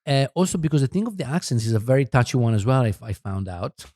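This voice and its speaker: A man's voice: mid-range voice, very animated, quick pace, a little mellow, no room sound, studio quality. A middle-aged man chatting as a podcast guest, rambling and hesitant with many restarts. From Italy. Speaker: podcast guest, magazine co-founder. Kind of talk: casual chat.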